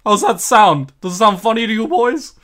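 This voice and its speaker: A man's voice: high voice, lively intonation, moderate pace, bright, forceful tone, voice pushed up. A man voicing a smug male bear holding a group at gunpoint. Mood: threatening. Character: gun-toting male bear, Yogi, smug and threatening.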